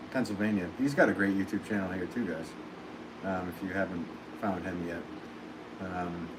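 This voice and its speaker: A man with a fairly low voice chats loosely on a livestream from his pottery studio. He rambles, trails off and restarts, filling gaps with ums. Fans run steadily in the background, adding a clear layer of noise. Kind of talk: casual livestream chat. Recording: clear fan noise behind the voice.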